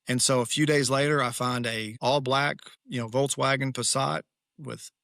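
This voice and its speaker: A middle-aged guest author tells a candid personal story on a podcast in a gravelly, forceful, mid-range voice with fairly even intonation and normal speed. He speaks emphatically and often restarts sentences, and the sound is dry and close with no room echo.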